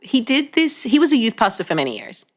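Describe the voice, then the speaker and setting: A woman who co-leads a church as pastor, telling lively stories in casual conversation with laughs and frequent restarts. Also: on the high side, fast talker. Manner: animated, laughing, many restarts. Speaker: guest, co-lead pastor.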